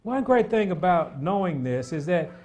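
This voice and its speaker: A middle-aged man preaching a sermon, animated and repetitive, with asides to the congregation. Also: high-pitched, moderate pace.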